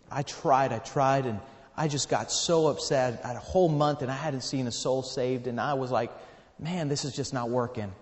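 A man preaching a sermon in a church, telling a story earnestly and often repeating his words. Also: mid-range voice. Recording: long hall reverb.

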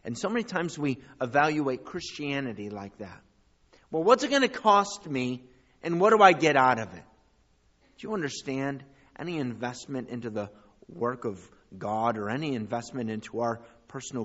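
A man preaching a sermon with a bright, forceful tone, surging into loud, high-pitched calls and dropping back to near-murmured asides. The recording sounds a little dull and lo-fi. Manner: preaching with big swings in pitch and loudness. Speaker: pastor.

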